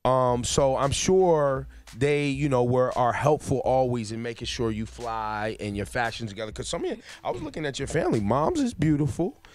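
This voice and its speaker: A man's voice: medium pitch, moderate pace, hardly any pauses. A man hosting a radio morning show, teasing and joking in casual banter with a guest. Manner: playful, teasing, animated.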